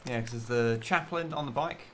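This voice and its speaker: Relaxed man co-streamer, easy laughter. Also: mid-range voice, fairly quick, slight background noise. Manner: relaxed, reads chat aloud, easy laughter. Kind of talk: casual gaming livestream chat.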